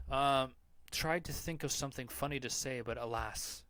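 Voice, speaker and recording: A man's voice: medium pitch, normal speed, fairly bright tone, no room sound. A man hosting a podcast, reading online posts aloud in a casual, mocking, profane way. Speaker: podcast host.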